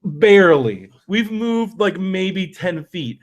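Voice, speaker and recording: A man hosting a podcast, telling a long story in a casual, animated way, acting out the people he quotes and using lots of fillers and restarts. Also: high-pitched, takes it slowly. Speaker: podcast host.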